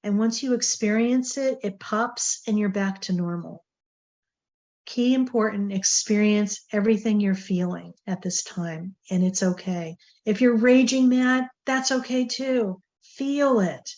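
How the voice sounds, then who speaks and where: Woman host, loose conversational delivery, mid-pitched, slightly lo-fi recording. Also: unhurried, a little mellow. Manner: chatty, rambling, full of fillers. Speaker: show host. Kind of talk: casual talk-show monologue.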